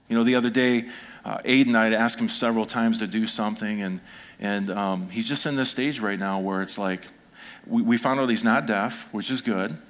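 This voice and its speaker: A man in his thirties, a pastor preaching a sermon through personal stories, acting out the quoted voices with sudden jumps in pitch. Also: fairly bright tone. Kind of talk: storytelling sermon.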